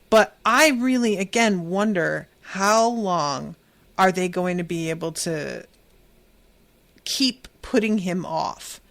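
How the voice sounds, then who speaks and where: A woman in her thirties talks through a TV episode on her solo podcast. Her voice sits in a middle pitch, and she tells it in a chatty, animated way, swearing now and then. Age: 30s. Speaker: podcast host. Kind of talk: casual solo recap.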